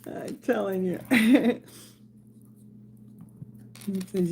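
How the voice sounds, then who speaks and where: Hosting a live tarot stream in her sixties, this woman chats with viewers as she reads their comments, laughs a lot, and baby-talks playfully to her dog. She speaks slowly in a warm, gravelly, medium-pitched voice with long pauses.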